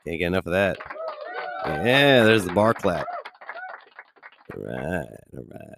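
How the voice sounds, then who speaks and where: Deep gravelly profane man rambling. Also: expressive, normal speed, background noise. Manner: profane, rambling, laughs often. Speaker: radio show host. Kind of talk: casual solo talk.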